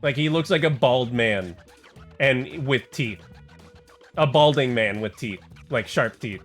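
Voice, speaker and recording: A man livestreaming in casual chat, rambling and excitable, talking straight to his viewers and reading bits aloud. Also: mid-range voice, measured pace. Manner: rambling and excitable, heavy on "like" and "dude"; talks to chat, reads text aloud. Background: faint music.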